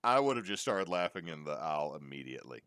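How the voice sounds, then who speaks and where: Guy, middle-aged, low voice, dry close sound, lively storyteller for a chat show. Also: quick pace, clean tone, no room sound. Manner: animated storyteller, acts out quotes. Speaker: podcast co-host. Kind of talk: casual chat.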